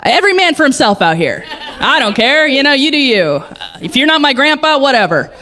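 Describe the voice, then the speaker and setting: A woman's voice: high voice, brisk. A woman doing a stand-up comedy set on a club stage, telling stories and acting out the people in them. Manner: animated storytelling, acting out quotes.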